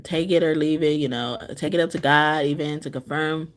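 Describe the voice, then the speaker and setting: Speaking at a moderate pace in a deep, steady voice, a woman does a casual tarot reading on a phone livestream from her shelter room. She wanders from point to point, curses freely, and often breaks into laughter.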